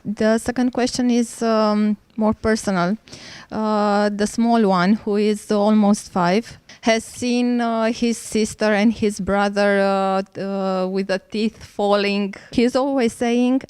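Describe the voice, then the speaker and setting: A woman's voice: medium pitch, steady tone, takes it slowly, a little mellow, clear, resonant tone, no echo. A woman with a Romanian accent, a native Romanian speaker, asking interview questions in English, hesitant with many filler sounds.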